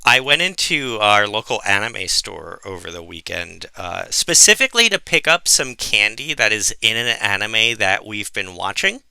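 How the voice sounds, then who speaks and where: Podcast guy with a gravelly, sharp voice, animated chat, dry close sound. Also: lowish voice, normal speed, few pauses, no echo. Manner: animated, laughs while telling stories; mimics voices in quoted anecdotes. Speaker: podcast co-host. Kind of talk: casual chat.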